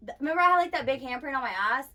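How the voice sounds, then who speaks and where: A woman in her twenties tells blunt, profane stories in loose podcast chat. She fills her sentences with "like", and her voice sits a little high. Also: animated, very fast, bright, forceful tone. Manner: blunt, profane storytelling, heavy filler "like". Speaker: podcast co-host. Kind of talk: casual chat.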